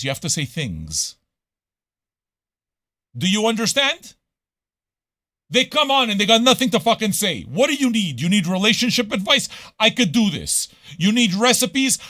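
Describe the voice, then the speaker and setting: A man hosting a live radio show, ranting casually and swearing a lot, swinging between loud outbursts and low muttering. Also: dry recording, studio quality.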